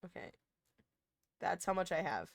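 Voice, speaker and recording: Slow-talking, low-pitched woman streamer. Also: big pitch swings, creaky, dry recording, clean studio sound. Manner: rambling, self-interrupting, bursts of loud laughter. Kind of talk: casual chat with chat.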